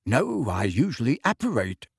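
A man reading an audiobook voices a kind, cheerful middle-aged father who speaks slowly and bracingly. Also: mid-range voice, wildly swooping pitch, creaky, slightly rough, dry recording, clean studio sound, exaggerated voice. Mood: calm.

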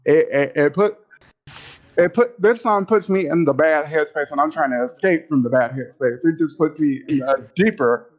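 A male podcast co-host in casual chat, talking in an animated, excitable way, repeating himself and often breaking into high laughter. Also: normal speed, highs cut off.

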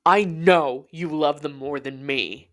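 A woman's voice: deep voice, slow pace, a bit bright. Narrator voicing a bitter, accusing young woman. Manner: cold, blaming.

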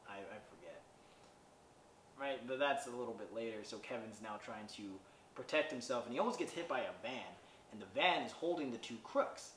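A man's voice: mid-range voice, animated, fairly quick, fairly bright tone. A man casually recapping a movie on his podcast, rambling with lots of fillers and wry asides. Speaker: podcast host reviewing a movie. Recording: roomy sound, distant from mic, faint background noise.

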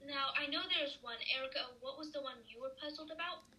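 A woman's voice: high-pitched, brisk, bright, forceful tone, low-quality recording. A woman hosting a comedy sketch interview, asking chirpy, eager questions. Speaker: podcast host.

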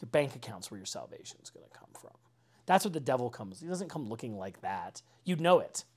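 A man's voice: mid-range voice, sing-song, a little fast. Male pastor, casual sermon voice, conversational and earnest with a wry streak. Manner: conversational, peppered with "like" and "right?"; earnest, with dry mocking asides. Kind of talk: informal sermon.

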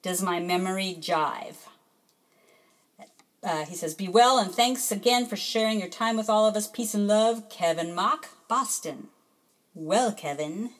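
A woman hosts a podcast in a loose, chatty way, reading out messages from listeners and drifting into her own stories. She pokes fun at herself as she goes. Her voice sits in an ordinary middle pitch. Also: rough recording. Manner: chatty and self-deprecating, laughs often. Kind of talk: casual chat.

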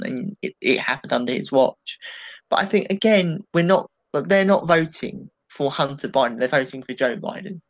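A man with an animated, rambling delivery, giving his take on a political debate in a casual podcast discussion. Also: on the high side, moderate pace, lo-fi sound. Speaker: political commentator.

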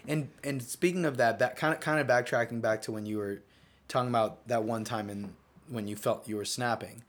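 A man hosts a podcast in a middle-pitched voice. He asks his questions eagerly and lets them ramble a little. He reacts warmly to what his guest says. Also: fairly even intonation, fairly quick. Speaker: podcast host. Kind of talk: podcast interview.

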